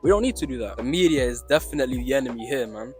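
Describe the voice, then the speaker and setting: A young man telling stories to camera in a casual, slangy, swearing vlog style that swings between excited and low. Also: rapid-fire, faint music behind. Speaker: vlogger.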